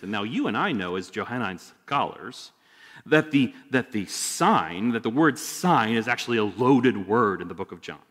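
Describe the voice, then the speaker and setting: A man's voice: fairly low pitch, expressive, normal speed, fairly bright tone. A male pastor giving a sermon in a church sanctuary, talking conversationally with joking asides. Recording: long hall reverb.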